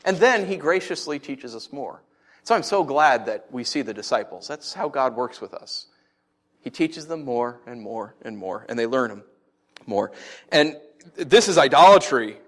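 A man preaching a sermon who tells stories with animated swings, then teaches in an earnest, conversational way. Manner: animated storytelling, lively swings in pitch and loudness. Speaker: pastor.

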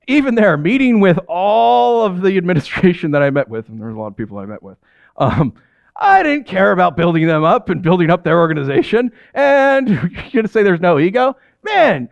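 Male pastor, candid sermon storytelling, a bit high-pitched, dry close sound, slightly muffled. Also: no echo. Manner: animated, self-deprecating storytelling.

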